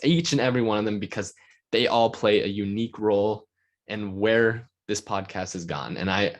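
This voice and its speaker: A man hosting his own podcast alone, talking eagerly in a rambling way with lots of filler words. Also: medium pitch. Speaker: podcast host. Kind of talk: solo podcast monologue.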